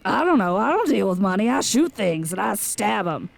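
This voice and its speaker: A woman's voice: medium pitch, sing-song, normal speed, gravelly. Casual woman player in a tabletop game. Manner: casual, laughs often.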